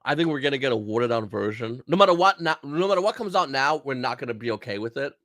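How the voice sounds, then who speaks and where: A man's voice: medium pitch, lively intonation, fast, a bit bright, no room sound. A man from Brooklyn, a podcast guest in a casual chat who talks bluntly and profanely and laughs between his points. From Brooklyn, New York.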